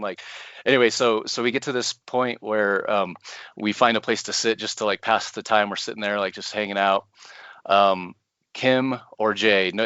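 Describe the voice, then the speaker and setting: Man telling a story with animated energy. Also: on the low side, dry recording, muffled recording. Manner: animated, laughs often, acts out his own panic. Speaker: podcast co-host. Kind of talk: casual storytelling.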